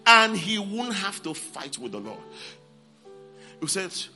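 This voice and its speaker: A man's voice: high voice, very animated, slow pace, long pauses, bright, forceful tone, soft background music. A man preaching a sermon, repeating key words and calling out to his congregation for responses.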